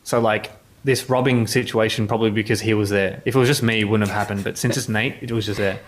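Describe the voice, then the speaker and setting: A man's voice: fairly low pitch, fairly even intonation, fast. A man, a journalist telling casual anecdotes in an interview, rambling with many restarts. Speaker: motorsport journalist.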